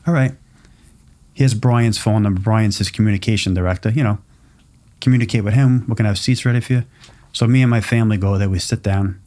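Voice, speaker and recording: A middle-aged man from Long Island tells stories in a low, easy voice, jumping into the voices of the people in them. He talks like a proud pizzeria owner chatting on a podcast, animated and warm in his telling. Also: fast. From Long Island, New York. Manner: animated, acts out quoted people. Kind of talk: casual storytelling chat.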